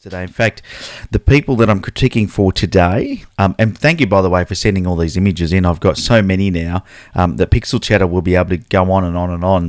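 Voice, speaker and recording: The host of a relaxed photography live stream, an Australian man, talks loosely and calls out viewers by name. His low-pitched voice moves fairly quickly, recorded at studio quality with no room sound.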